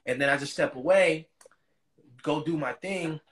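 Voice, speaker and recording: A man's voice: on the high side, measured pace, fairly bright tone. A man as an interview guest, retelling a story in casual, profane slang.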